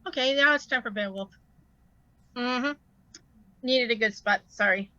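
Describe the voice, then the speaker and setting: A woman's voice: fairly high pitch, measured pace, pushed and bright, dry recording, lo-fi sound. A woman player casually describing her character in a tabletop game.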